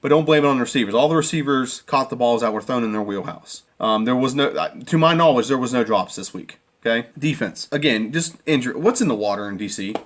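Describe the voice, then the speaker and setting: A man delivering a heated fan rant about a football game. His voice sits at an ordinary middle pitch. He sounds worked up and exasperated, and he keeps looping back over the same points. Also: animated, fast, hardly any pauses. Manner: emotional, exasperated, repeats himself. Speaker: sports fan commentator. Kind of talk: ranting game review.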